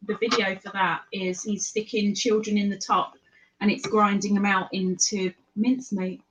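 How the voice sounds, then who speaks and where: A woman's voice: medium pitch, little pitch movement, normal speed, a bit bright, slight background noise, low-quality recording. A woman with an English accent chatting casually and playfully on a live stream. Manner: chatty, playful, jokes around.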